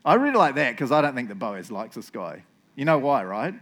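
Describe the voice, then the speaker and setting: Playful, chatty preacher. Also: male voice, medium pitch, animated, moderate pace, a bit bright. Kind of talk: casual Bible teaching.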